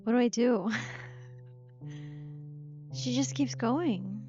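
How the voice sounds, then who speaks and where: A young woman streaming a game, tossing off playful, disbelieving reactions in a slightly high voice. The sound is a bit dull, with game music running faint underneath. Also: takes it slowly. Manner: reactive, playful, incredulous asides. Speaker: gaming streamer. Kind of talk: let's play commentary.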